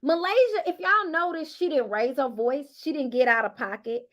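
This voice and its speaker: A high-voiced woman recaps reality TV episodes in a casual vlog. She is sassy and animated, and she keeps turning to her viewers with a "honey" or "baby girl". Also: moderate pace.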